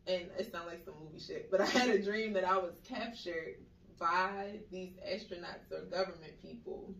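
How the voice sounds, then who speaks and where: Woman, casual slangy storytelling, lively quoted voices, echoey room, mic set back. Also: fairly low pitch, normal speed, vocal fry, distant mic.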